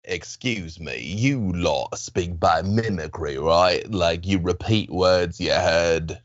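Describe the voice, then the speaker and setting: A gruff pirate enforcer, played by a man in a tabletop game, his voice deep and slow as he drawls in rough pirate talk. The sound is a little muffled, with faint music in the back. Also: no echo. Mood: mocking.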